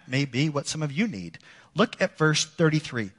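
A man preaching a sermon as a pastor, earnest, moving between emphatic lines and hushed ones. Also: fairly high pitch, very animated, moderate pace. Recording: long hall reverb.

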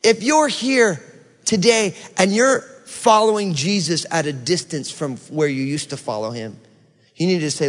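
A man's voice: a little high, a little slow. A male pastor giving a conversational sermon, acting out the inner voices people hear. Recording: long reverb of a large hall.

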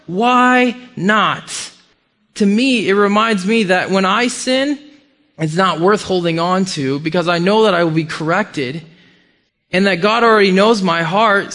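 A man preaching a sermon with emphatic delivery, swinging from loud peaks down to quiet, low passages. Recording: long hall reverb.

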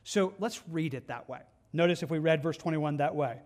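A man's voice: fairly high pitch, fairly quick, darkish tone. A man preaching a conversational sermon as pastor, earnest and plainspoken, often asking his listeners questions.

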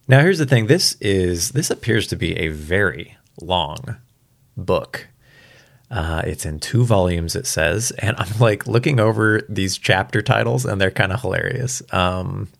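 A man's voice: deep voice, vocal fry, fairly bright tone. A man casually talking about books to camera, rambling and chatty with amused asides. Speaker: book vlogger. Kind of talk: casual book talk.

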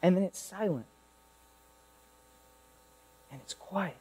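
A man preaching a lively, conversational sermon, telling a Bible story and throwing rhetorical questions at his listeners. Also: high voice, slow pace, husky, long reverb tail.

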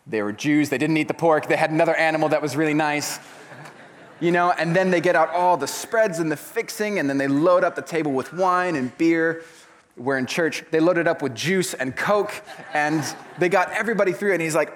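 A man preaching a sermon, retelling a parable in a casual, animated storytelling way. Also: on the high side, fairly quick. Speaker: pastor.

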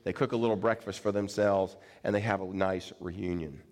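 A man's voice: low-pitched, steady tone, moderate pace, a little mellow, long reverb tail. A man preaching a sermon, retelling a scripture story in a conversational, plain-spoken way with casual fillers. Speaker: pastor.

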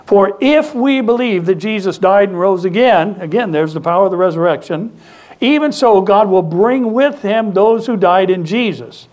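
A man with a high voice preaches a sermon in a church. He speaks with strong emphasis and prompts the congregation to call out responses. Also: animated, normal speed, darkish tone. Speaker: pastor. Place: church sanctuary.

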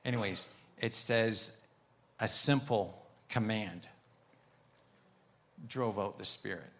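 A man's voice: fairly low pitch, fairly bright tone. Man preaching a storytelling sermon. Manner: storytelling, pausing to retell conversations; firm and emphatic on commands.

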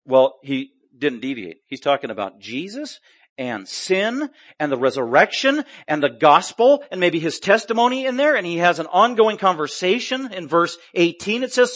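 A man preaching with fervor, his voice riding high and swinging widely as he hammers home each point. The sound is close and dry. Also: big pitch swings, normal speed, a bit bright, no room sound. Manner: emphatic and impassioned, with heavy stress. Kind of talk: expository sermon.

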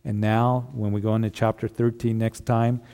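Mellow-voiced pastor preaching conversationally. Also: male voice, lowish voice, flat delivery, normal speed. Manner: conversational, rhetorical tag questions. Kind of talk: sermon.

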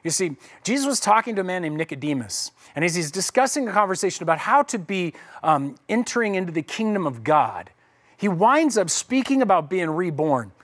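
A man's voice: high voice, big pitch swings, fairly quick, fairly bright tone. A man preaching a conversational sermon as pastor, casually acting out the voices of people in the story.

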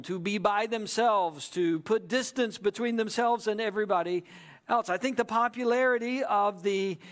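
Male pastor, higher-pitched voice, chatty sermon delivery with frequent audience check-ins. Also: a bit bright. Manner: conversational, repeats "right?" to the audience.

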